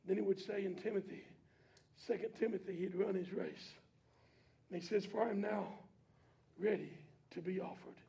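A preacher with a very high, gravelly voice delivers a loose, everyday sermon in church. He reads scripture low, then climbs into shouted preaching while the congregation answers back.

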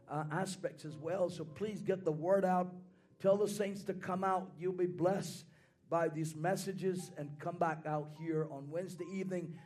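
A hoarse man preaching a fervent sermon in church, with call-and-response. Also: fairly high pitch, a little mellow. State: hoarse from a sore throat. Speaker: pastor. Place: church sanctuary.

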